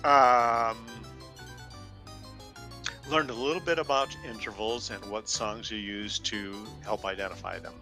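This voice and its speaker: A man co-hosting a live stream, chatting in a laid-back, joking way with halting fillers. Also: on the low side, steady tone, sharp tone, faint music behind. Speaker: stream co-host. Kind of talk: casual stream chat.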